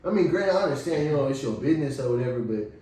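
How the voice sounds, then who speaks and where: A man's voice: mid-range voice, expressive, rapid-fire, dark tone. Laid-back man, echoey distant mic. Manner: laid-back, laughs along, short reactions. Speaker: podcast co-host. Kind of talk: casual chat. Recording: echoey room, mic far off, faint noise.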